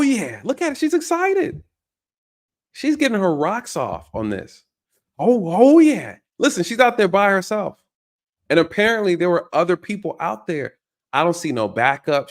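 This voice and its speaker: A man hosting a reaction video, talking emphatically to his viewers and repeating his points for stress. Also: fairly high pitch. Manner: emphatic, repeats phrases, addresses viewers directly. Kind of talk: reaction commentary.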